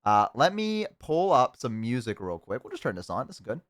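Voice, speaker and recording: Very animated and brisk, a man with a mid-range voice eats on stream while chatting casually with his viewers. He rambles in a self-deprecating way, using lots of fillers and frequently starting over.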